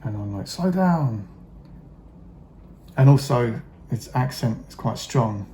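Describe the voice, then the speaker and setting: A man's voice: medium pitch, steady tone, moderate pace, mellow, a little hiss or hum. A middle-aged man chatting casually while he paints miniatures, rambling with many fillers, wry asides and the odd swear word. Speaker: hobby vlogger painting miniatures.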